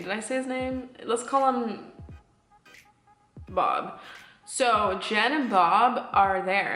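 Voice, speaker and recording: A woman's voice: medium pitch, gravelly, a bit bright, reverberant. A woman in her twenties telling a casual storytime, chatty, with many fillers and some swearing. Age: 20s. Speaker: vlogger.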